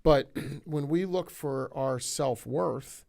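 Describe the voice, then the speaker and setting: A man's voice: mid-range voice, slow pace, creaky, a little mellow, dry recording, studio quality. A middle-aged man, a sales guest in a casual business chat who tells stories. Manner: storytelling, acts out quoted voices.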